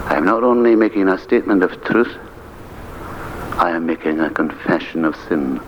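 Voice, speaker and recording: An older minister delivers a sermon in a low voice that rises and falls with wide, lively swings of pitch. He presses his points earnestly, stressing key words. The recording is dull and lo-fi, with a faint hiss behind him. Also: normal speed, pauses often.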